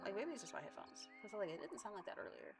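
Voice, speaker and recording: A woman's voice: mid-range voice, big pitch swings, fast talker, creaky, over loud music. A woman streaming a dating game, chatty and easily sidetracked, scolding her cat between comments. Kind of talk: casual gaming stream commentary.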